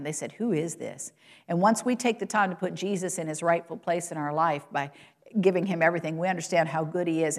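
A woman delivers a sermon straight to the congregation, asking rhetorical questions along the way. Her voice jumps loud and high on quotations and exclamations, then sinks low and quiet at other moments.

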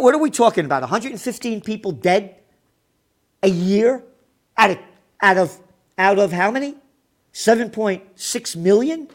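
A man in a furious rant over the news, swearing and jeering at the people he quotes. His voice sits high and swings wildly, climbing into near-shouts and then dropping low and scornful. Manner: angry, profane, sarcastic, mocking quoted people. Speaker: commentator. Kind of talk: ranting news commentary.

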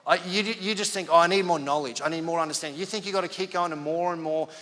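A man's voice: a little high, fast talker, big-room sound. A male pastor, telling a story in a conversational sermon and acting out the dialogue. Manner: animated, conversational, acts out quoted dialogue.

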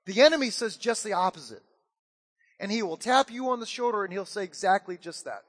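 Man, pastor, animated sermon; high-pitched voice with long reverb from the hall. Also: moderate pace. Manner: animated storytelling with acted-out quotes.

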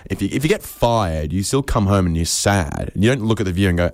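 A man delivers a comic monologue in a low-pitched voice. His claims are absurd and deadpan, and he slips into quick acted-out voices for the people he quotes. The sound is dry and close, with no room echo. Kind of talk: comedic monologue.

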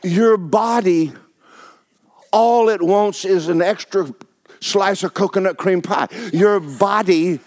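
A man's voice: sits high, takes it slowly, darkish tone. A middle-aged male pastor, preaching a sermon in a folksy, emphatic way and repeating phrases for effect.

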